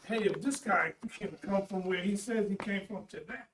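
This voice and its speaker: A man's voice: sits high, normal speed, fairly bright tone. A man in the audience asking a hesitant question, searching for his words, heard faint and distant from the mic.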